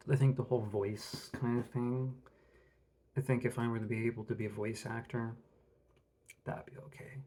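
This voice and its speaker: A man's voice: fairly low pitch, dark tone, a little hiss or hum. A man hosting his podcast in a casual, rambling monologue with frequent restarts. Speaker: podcast host.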